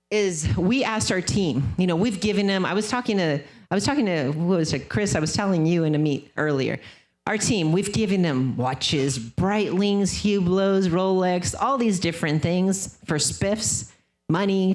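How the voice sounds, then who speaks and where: A woman's voice: fairly low pitch, normal speed, darkish tone. A woman speaking at a sales leadership seminar, emphatic and casual, often repeating phrases for effect. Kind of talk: motivational seminar talk.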